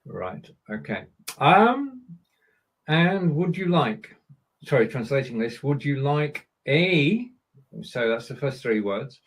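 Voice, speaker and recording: A man with a husky, slightly breathy voice hosts a relaxed conversation. He talks in a chatty, easygoing way and stumbles a little over the German phrases he reads aloud. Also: a little high, takes it slowly, low-quality recording. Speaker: podcast host. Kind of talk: casual chat, language lesson.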